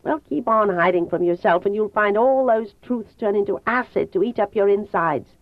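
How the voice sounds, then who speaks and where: A woman reading an audiobook voices an earnest, protective teenage boy in a lowered, hushed voice. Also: normal speed, no echo, lightly acted. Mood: gentle, urging. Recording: tinny phone-like dry sound.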